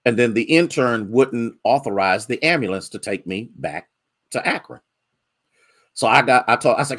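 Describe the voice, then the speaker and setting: With big pitch swings and a fairly bright tone, a pastor preaches in a church sanctuary. His sermon alternates between rising, stretched-out exhortations and low, fast storytelling, and he greets congregants by name.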